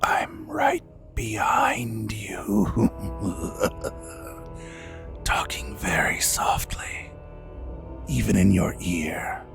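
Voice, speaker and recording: A man voicing a menacing vampire stalker in a whispered role-play, slow and taunting, close to the ear. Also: lowish voice, gravelly, music in the background, pitched below the performer's own voice.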